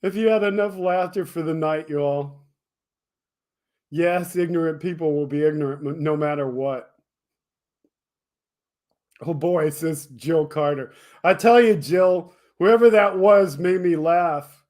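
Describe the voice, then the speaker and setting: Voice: medium pitch, measured pace, pauses often, darkish tone. A livestream show host in casual chat, reading the chat and mocking commenters directly, using casual talk with fillers and swearing. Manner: mocking, talks straight back to chat commenters; laughs often and hard.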